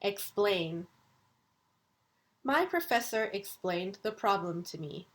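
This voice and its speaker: This is a woman who lectures in English at a university, carefully enunciating vocabulary words at a slow, deliberate pace for a video lesson. She speaks at a medium pitch and sounds expressive.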